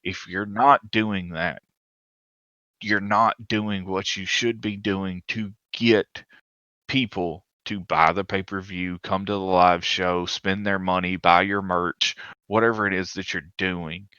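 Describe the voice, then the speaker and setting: A man co-hosting a casual podcast chat, animated and retelling stories at length. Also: deep voice, slow, clean tone, dry recording, muffled recording. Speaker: podcast co-host.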